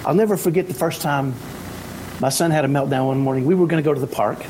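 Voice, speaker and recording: Brief: energetic dad giving a motivational parenting talk, tenor-leaning voice, faint hum behind. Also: male voice, on the high side, fast talker, low-quality recording. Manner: energetic, keeps asking "right?". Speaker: parent sharing autism parenting advice.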